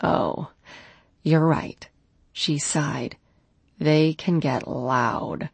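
A woman voicing a soft-spoken, gentle best friend. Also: deep voice, slow, slightly rough, no room sound, exaggerated voice. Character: tired, kind female best friend.

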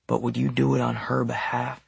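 A man voicing a frightened, desperate young man with a deep voice, speaking in hushed, urgent questions. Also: flat delivery, fairly quick, vocal fry, breathy edge, no room sound, heavily acted.

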